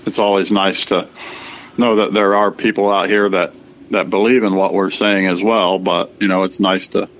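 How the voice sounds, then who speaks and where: Gravelly low-voiced man, casual talk. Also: dull audio. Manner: conversational, measured, with fillers. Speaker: podcast co-host.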